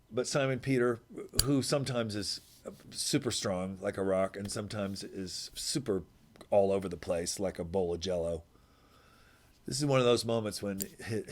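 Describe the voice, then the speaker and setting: A man with a fairly low voice gives a relaxed, chatty sermon. He thinks aloud as he goes, restarts his sentences, and slips into the voices of the people in his story. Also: unhurried. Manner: casual and musing, with many restarts and voiced quotes. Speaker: pastor. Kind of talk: conversational sermon.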